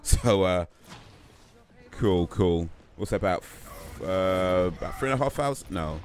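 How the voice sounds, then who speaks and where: A man's voice: low-pitched, expressive, unhurried, a little mellow. A tired man streaming a game, chatting casually and answering viewer comments as he plays. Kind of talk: casual live-stream chat while gaming. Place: home gaming setup in the UK.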